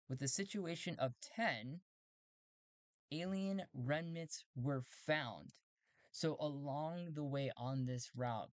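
A man runs a solo tabletop game, narrating and calling out dice rolls in a loose, rambling way. He corrects himself often and chuckles along the way. His voice is mid-pitched and dry, recorded close with no room echo. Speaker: solo game master and player.

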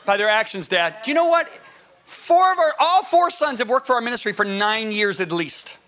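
A middle-aged man preaching a sermon as pastor, emphatic and animated, often asking his listeners questions. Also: very high-pitched, normal speed.

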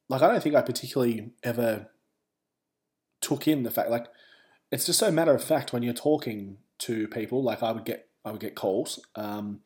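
A man's voice: lowish voice, a little mellow. A man with an Australian accent, a podcast host telling a personal story in a candid, wry way with wandering asides.

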